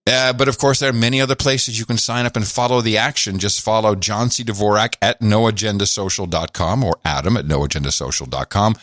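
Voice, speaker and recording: A man's voice: on the low side, fairly even intonation, brisk, few pauses, fairly bright tone, dry recording. A man co-hosting a podcast in casual banter, joking and mocking with frequent laughs, on a close studio mic. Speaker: podcast co-host.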